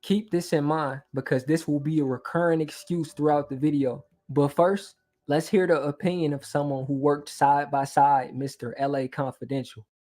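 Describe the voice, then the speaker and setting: A man's voice: fairly high pitch, steady tone, normal speed, dark tone. A man hosting a commentary video, narrating a scripted, argumentative breakdown point by point. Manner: argumentative, explains step by step. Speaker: commentary channel host.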